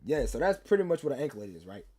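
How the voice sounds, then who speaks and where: A man's voice: mid-range voice, very animated, fast talker, mellow, breathy edge. A young man, telling a rambling, slangy story to his stream chat and teasing viewers. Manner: rambling, slangy, repeats himself, teases chat.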